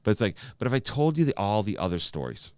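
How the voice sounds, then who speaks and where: A man, a stand-up comedian, telling stories on a podcast in a casual, animated way, with stammered restarts and frequent swearing. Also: lowish voice, fast, no echo, clean studio sound.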